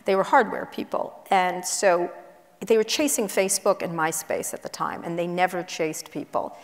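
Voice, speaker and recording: A woman journalist telling blunt, brisk anecdotes with many asides, on stage in a university auditorium. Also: lowish voice. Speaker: guest journalist. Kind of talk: onstage conversation, storytelling. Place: university auditorium before an audience. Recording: echoey auditorium hall.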